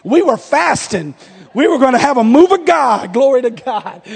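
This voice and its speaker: A man in his thirties, a pastor preaching, telling a lively story and acting out the dialogue. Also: very high-pitched, a little slow, vocal fry, breathy edge. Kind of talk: storytelling sermon. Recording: long hall reverb.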